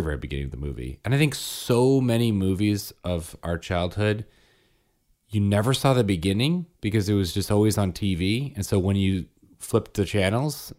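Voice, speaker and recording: A man in his thirties co-hosting a podcast, chatting in a relaxed, storytelling way. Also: deep voice. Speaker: podcast co-host. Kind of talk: casual chat.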